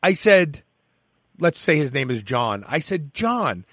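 Man radio host, emphatic, very lively swooping pitch, slightly high voice, dry close sound. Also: takes it slowly, dry recording. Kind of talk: casual radio talk.

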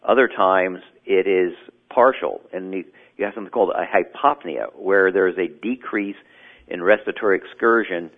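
A man explaining sleep medicine as an interview guest, measured and clinical. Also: low voice. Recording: tinny phone line.

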